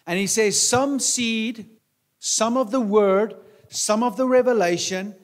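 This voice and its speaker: Preacher man with a higher voice. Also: slow. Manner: conversational preaching, rhetorical questions, frequent "right?" and "amen?". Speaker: pastor. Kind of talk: sermon.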